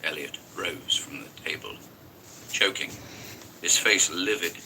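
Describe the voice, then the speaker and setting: A man's voice: deep voice, slow pace, gravelly, crowd noise, low-quality recording. A man reading a horror story aloud in an intense, dramatic narration. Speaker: story reader.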